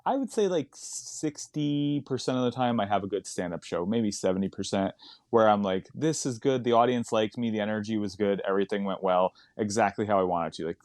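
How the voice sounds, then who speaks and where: A man's voice: fairly low pitch, fairly quick, a little mellow, no echo, clean studio sound. A man, a stand-up comedian chatting as a podcast guest, rambling into tangents and laughing often. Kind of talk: casual podcast chat.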